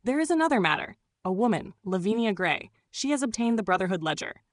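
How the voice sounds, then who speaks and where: A woman voicing a sly male arms broker who speaks in a sharp, urgent way. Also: medium pitch, big pitch swings, fast, no room sound, clean studio sound, natural voice.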